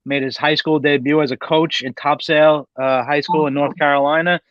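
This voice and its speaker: A man's voice: on the high side, steady tone, normal speed, no echo, dull audio. Slangy man in a podcast chat. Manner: slangy, keeps saying bro. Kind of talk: casual sports chat.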